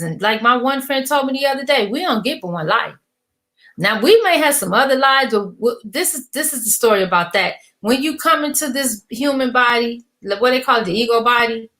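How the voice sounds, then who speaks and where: A woman's voice: medium pitch, a bit bright. A middle-aged woman coaching her viewers in an emphatic, preachy motivational rant, casual and full of slang and repetition. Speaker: business coach.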